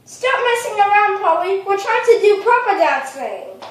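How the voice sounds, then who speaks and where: Angelina Ballerina, a high excitable young mouse girl. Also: moderate pace, echoey room, slight background noise. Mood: bossy. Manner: excitable, dramatic. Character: young girl mouse, eager dancer, bossy big sister.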